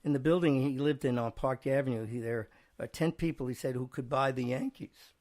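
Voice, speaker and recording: A man's voice: medium pitch, fairly quick, a little mellow. A man hosting a casual studio chat show, rambling and chuckling as he reads out jokes. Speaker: show host.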